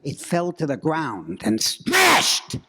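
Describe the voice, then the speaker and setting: A man telling a spooky story live, slow and dramatic with suspenseful pauses. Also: a little high, huge pitch swings, sharp tone.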